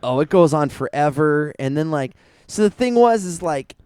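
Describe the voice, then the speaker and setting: A man's voice: on the high side, lively intonation, normal speed, a little mellow, smooth, no echo, clean studio sound. A young man co-hosting a podcast, talking casually and rambling, swearing and laughing often. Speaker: podcast co-host.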